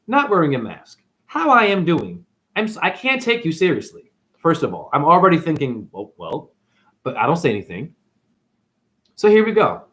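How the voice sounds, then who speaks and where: A man with a fairly high voice and a lively, swooping pitch, talking straight to his livestream camera. He rambles in casual slang with the odd curse, and he mocks the people he quotes in sudden high voices. It sounds like a plain home recording on a computer or phone mic. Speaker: spiritual livestream host. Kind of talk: rambling spiritual monologue.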